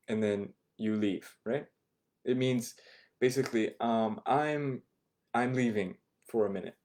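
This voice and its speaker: Teaching beginners online, this man speaks in a mid-range, darkish voice. He patiently walks through phrases, saying them slowly again for learners and frequently asking "right?".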